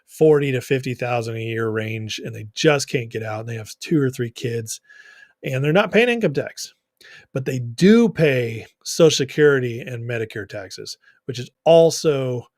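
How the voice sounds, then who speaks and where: A man's voice: mid-range voice, darkish tone, no echo, clean studio sound. Casual opinionated male livestream host. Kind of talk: live-stream chat commentary, reading viewer comments.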